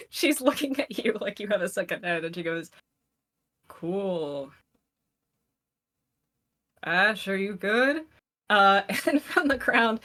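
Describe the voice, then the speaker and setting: A woman's voice: mid-range voice, a bit bright. A woman narrating a tabletop role-playing game as game master, in a loose, filler-heavy style. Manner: loose, hesitant narration with many fillers and laughs.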